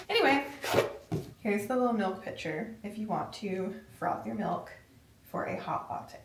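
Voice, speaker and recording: A young woman vlogging casually as she unboxes and reads the labels aloud, chatty and easily excited, sometimes out of breath. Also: medium pitch, normal speed, far from the mic, background noise. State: out of breath at times. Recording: echoey room, voice from off-mic.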